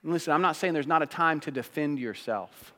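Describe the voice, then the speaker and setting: A male pastor preaching a sermon, shifting from hushed, low passages to loud, high-pitched peaks. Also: a little fast. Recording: long hall reverb.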